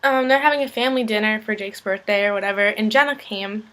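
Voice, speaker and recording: A woman's voice: mid-range voice, quick pace, a bit bright, slight background noise, low-quality recording. A woman casually recapping a TV episode, chatty, full of "like" and "um", swearing freely.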